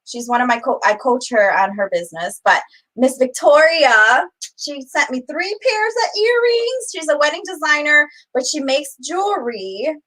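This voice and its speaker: A woman's voice: high-pitched, expressive, moderate pace, fairly bright tone, rough recording. A woman co-hosting a podcast, chatty and playful in casual talk with her husband. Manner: chatty, playful, laughs often. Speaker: podcast co-host. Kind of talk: casual chat.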